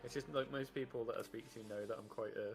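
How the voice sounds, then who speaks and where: A man's voice: medium pitch, steady tone, quick pace, music in the background. A man with a Birmingham accent, a game streamer bantering casually and reacting to the game as he plays. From England. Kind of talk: casual chat while playing a game.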